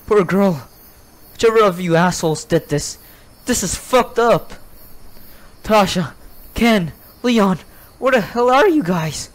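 Unhurried and pausing often, this gamer's high voice still has lively intonation as he comments live on a horror game. He's scared and skittish, cursing heavily and letting out gasps and yelps while exploring.

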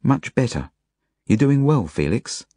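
A man reading an audiobook voices a kind, gentle grown man who cares for orphans, speaking softly and soothingly. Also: mid-range voice, big pitch swings, unhurried, no echo, clean studio sound, voice pushed up.

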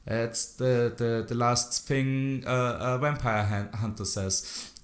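A man chats casually as a podcast host, wandering through his points with a joking tone. His sentences often trail off and circle back before he lands them. He sits at a comfortable middle pitch for a man. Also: steady tone, slow. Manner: rambling and jokey, often trailing off. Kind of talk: casual chat.

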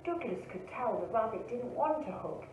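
A woman, an early years teacher, reading a picture book aloud to children in a slow, expressive storytelling way. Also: a little high, a little hiss or hum. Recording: echoey, phone-like, from a distance.

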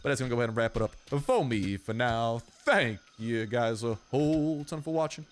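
A young man hosting a let's play, talking casually to viewers and jokingly taunting animals in the game, with slang and quick asides. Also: mid-range voice, lively intonation. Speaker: gaming channel host.

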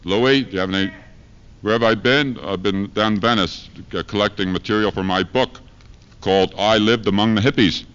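A man's voice: on the low side, moderate pace, fairly bright tone, slight background noise. A man doing a rambling, profane stand-up monologue with rhyming chants, recorded live at a university. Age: 1970s live archive recording. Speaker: street preacher comedian. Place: university lecture hall audience. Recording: dull lo-fi 1970s live recording.

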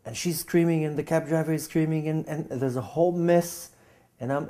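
A man telling a personal story, with a halting manner full of repeats and restarts, getting animated as he acts out scenes. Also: on the high side. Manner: animated when acting out scenes. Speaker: speaker giving a personal testimony.

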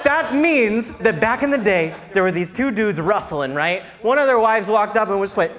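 A man's voice: high voice, lively intonation, normal speed, few pauses. A young man from a small Southern town doing stand-up comedy on a live stage, brash, campy and profane. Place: live comedy venue with audience. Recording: loud crowd laughter and noise.

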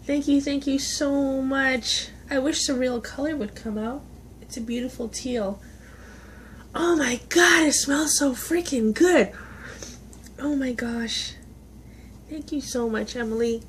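Woman, casual vlog chat, gushing and gasping, slightly high pitch, slow pace. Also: slight background noise. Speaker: vlogger.

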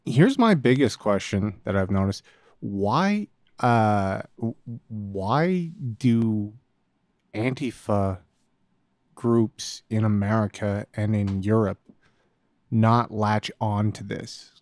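A man's voice: lowish voice, expressive, takes it slowly, a little mellow, dry recording, studio quality. A man co-hosting a podcast, chatting bluntly about politics and swearing often. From Canada. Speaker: podcast co-host. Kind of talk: casual political chat.

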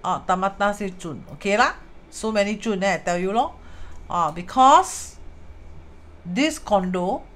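A Singaporean-accented feng shui teacher talks informally on a live stream, weaving in Hokkien and Mandarin words and breaking off to greet viewers. Her mid-range voice is expressive and moves at normal speed.

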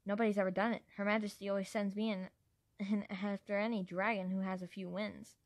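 A woman's voice: mid-range voice, level tone, a little fast, no echo, natural voice. A blunt, chirpy young female dragon champion, voiced by a woman reading aloud. She sounds eager and matter-of-fact, with a dry, close sound and no room around her. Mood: cheerful. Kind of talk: amateur audiobook character voice.

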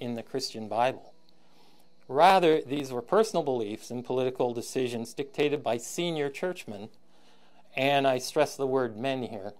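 A man giving a recorded university lecture, halting with many ums and frequent throat clearing, with wry, sardonic asides. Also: mid-range voice, a little mellow. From Canada.

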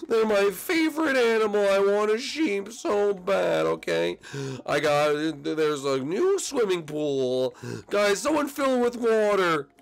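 A woman's voice: medium pitch, vocal fry. Playful woman hosting a game spoof. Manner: silly and playful. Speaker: host. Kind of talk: goofy game-spoof narration.

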